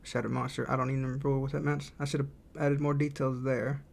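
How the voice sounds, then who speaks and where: A man's voice: mid-range voice, flat delivery, fast talker, gravelly, darkish tone. A man streaming his indie game development, chatting casually and thinking aloud while he draws and reads chat.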